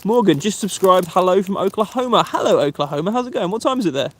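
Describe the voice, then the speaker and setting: A man's voice: high voice, expressive, fast, fairly bright tone, a little hiss or hum. A man in his twenties with an Essex English accent, chatting casually on a live stream from a woodland camp and reading out viewer comments. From England. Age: 20s. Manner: chatty, friendly, reads viewer names aloud. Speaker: vlogger.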